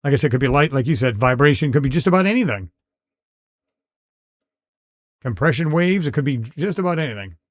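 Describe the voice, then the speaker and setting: A man's voice: medium pitch, lively intonation, quick pace, no room sound, studio quality. A middle-aged man hosting a live podcast, chatting casually and reading out viewer comments in a rambling way with many restarts.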